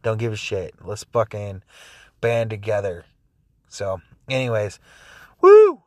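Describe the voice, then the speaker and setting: A man's voice: on the low side, steady tone, a little slow, no room sound. A man hosting a music show, ranting angrily and swearing heavily between songs. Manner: angry, swearing, rambling. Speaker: show host.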